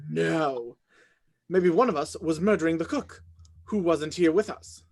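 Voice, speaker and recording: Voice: medium pitch, unhurried, vocal fry, a little mellow. A reader voicing a frantic male butler in a live script reading, racing through the recap with sudden yelps.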